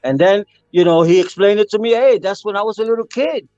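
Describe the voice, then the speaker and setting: An older man, a percussionist, telling a story with animated energy, acting out voices and singing rhythms. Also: high voice, fairly quick, no echo, lo-fi sound, soft background music. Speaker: percussionist guest. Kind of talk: storytelling interview.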